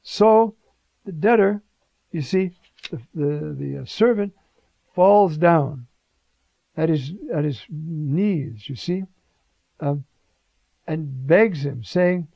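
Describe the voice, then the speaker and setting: A man preaching a sermon with emphatic, animated delivery, rhetorical questions and frequent fillers. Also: a little high, takes it slowly, gravelly, long pauses, dry recording. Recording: dull lo-fi recording.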